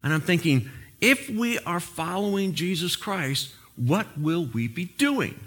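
Speaking in a high voice at a measured pace, a male pastor begins his sermon with prayer. He shares a humorous anecdote, then turns to the main message in a lively, joke-filled storytelling style.

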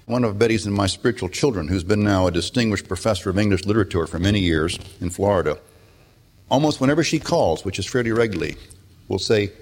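A man's voice: lowish voice, fast talker, darkish tone. An older man preaching a sermon in a conversational, storytelling way. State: emotional at times. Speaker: pastor.

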